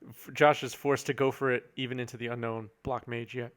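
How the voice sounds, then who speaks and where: A man calls a card game match as it happens. His voice sits at an ordinary middle pitch, and his delivery is chatty and easygoing, with frequent chuckles as he reads out viewer messages. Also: flat delivery, fairly quick, clear, resonant tone. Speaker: match commentator. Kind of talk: live card game commentary.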